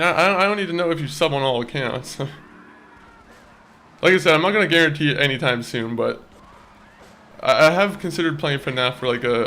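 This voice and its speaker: A man's voice: medium pitch, pushed and bright, slight background noise. A young man streaming a video game, chatting with viewers, swearing and laughing as he plays. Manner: chatty, talks to chat, swears and laughs easily. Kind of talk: casual live-stream gameplay commentary.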